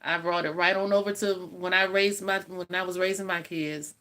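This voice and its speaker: A woman's voice: fairly low pitch, steady tone, normal speed, pushed and bright. A woman, chatting casually and laughing often while hosting a livestream from home. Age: 50s. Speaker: livestream host. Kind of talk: casual live chat with viewers.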